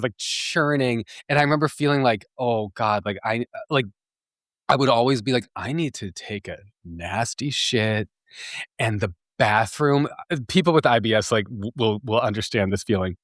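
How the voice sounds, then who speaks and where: A man's voice: medium pitch, moderate pace, fairly bright tone, dry recording. Candid rambling man, dry close sound. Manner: rambling, frequent fillers and restarts, laughs at himself. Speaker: podcast host. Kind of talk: candid personal storytelling.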